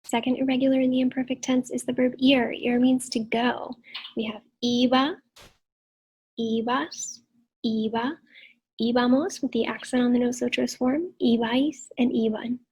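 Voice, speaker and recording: A woman with a slightly high, breathy voice walks through a recorded grammar lesson. She explains step by step in a patient teacher's manner and slows right down on her examples. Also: steady tone, darkish tone, rough recording. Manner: clear explanatory teacher talk, drawn-out examples. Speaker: Spanish teacher.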